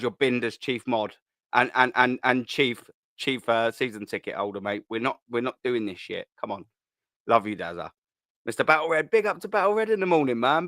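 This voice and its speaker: A man's voice: mid-range voice, a bit bright, no echo, studio quality. A young man hosting a live fan show, chatting casually through viewer comments, bantering, repeating himself and laughing often.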